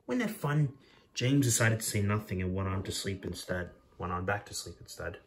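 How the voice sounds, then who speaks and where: A man's voice: deep voice, a little fast, slight background noise. A man narrating a homemade train story casually, with rambling, jokey asides.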